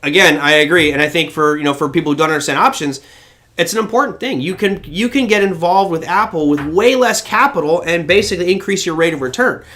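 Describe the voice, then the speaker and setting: A man hosting a live-stream market show, chatting casually with viewers and telling animated stories. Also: a little high, quick pace. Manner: animated storyteller who breaks into impressions. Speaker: trading show host.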